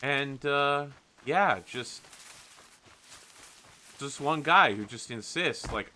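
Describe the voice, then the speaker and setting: A man's voice: medium pitch, animated, takes it slowly, pauses often, bright, forceful tone, a little hiss or hum. A man giving exasperated, blunt let's-play commentary while playing a game. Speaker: gaming channel host.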